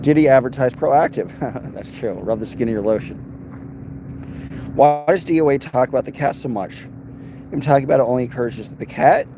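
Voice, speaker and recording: A man's voice: mid-range voice, normal speed, background noise. An American man hosting a livestream, reading and answering chat in a crude, sarcastic, rambling way. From United States.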